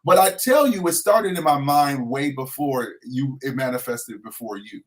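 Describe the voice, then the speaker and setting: A man's voice: mid-range voice, expressive, moderate pace. A middle-aged man, a transformation coach, talking earnestly in an inspirational interview and repeating his key phrases like a preacher.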